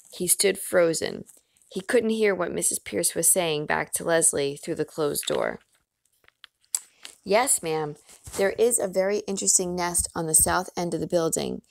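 Expressive woman reading a children's novel. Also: on the low side, gravelly, dry recording. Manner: expressive, lively dialogue voices. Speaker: audiobook reader. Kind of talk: storybook read-aloud.

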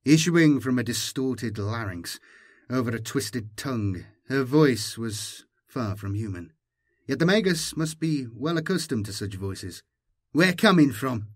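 Male narrator, scripted audiobook reading, slow, measured, dramatic, mid pitch. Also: animated, a little mellow.

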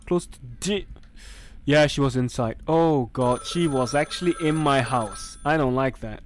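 A young man playing a horror game and commentating, jumpy and talking back to the characters on screen. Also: on the high side. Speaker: gaming channel host. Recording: faint background noise.

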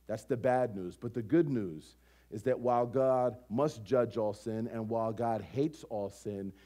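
A man preaching a sermon as pastor, conversational and animated, full of rhetorical questions. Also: medium pitch, a little slow.

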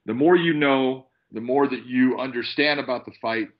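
A man, a fight referee and podcast guest, telling stories in a lively way and acting out what people said. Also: mid-range voice, moderate pace. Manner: animated storyteller acting out quotes. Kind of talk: casual podcast chat. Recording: dull lo-fi audio.

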